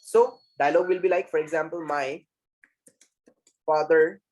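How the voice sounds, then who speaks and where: A man's voice: fairly high pitch, steady tone, moderate pace, a little mellow, lo-fi sound. A man in his twenties with an Indian English accent, teaching English as a communication trainer and switching often between English and Hindi, repeating points for emphasis. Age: 20s. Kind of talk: classroom English lesson.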